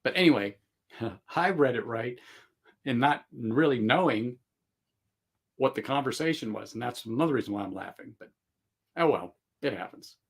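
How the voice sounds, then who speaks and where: Gravelly man hosting casual livestream chat. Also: medium pitch, animated, moderate pace, long pauses. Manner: rambling, laughs often, many fillers and restarts. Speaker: livestream host.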